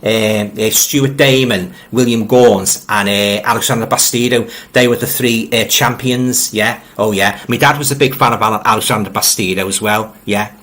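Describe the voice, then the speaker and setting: A middle-aged man from Liverpool, by his accent, hosts a relaxed live stream where he reads out viewer comments, rambles, and often repeats himself as he restarts. His lowish voice has fairly even intonation, a fairly bright tone and normal speed with hardly any pauses. He's friendly, talking directly to viewers.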